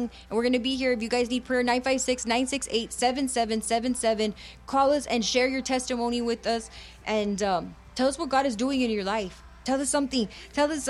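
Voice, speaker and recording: A woman preaches on a radio ministry program in a fervent, conversational way, moving between English and Spanish. Her voice sits a little high, and soft music plays faintly behind her. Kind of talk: bilingual preaching and encouragement.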